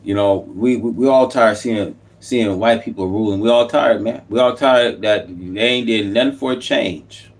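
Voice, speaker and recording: A man's voice: on the low side, moderate pace, few pauses. A man, delivering an unscripted, impassioned political monologue as a YouTube commentator, repeating himself and preaching.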